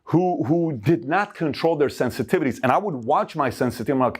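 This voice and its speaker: A middle-aged man from Iran giving a motivational talk of life advice, emphatic and animated, acting out the people he quotes. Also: mid-range voice, fast, hardly any pauses, husky.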